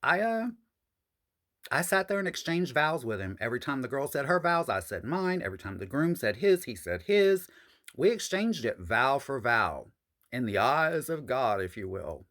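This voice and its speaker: This man's delivery is very animated, at a normal speed and a bit bright, as he tells viewers, whom he calls honey and y'all, a personal story from his past. The monologue is casual and profane, and his pitch jumps high whenever he wants emphasis.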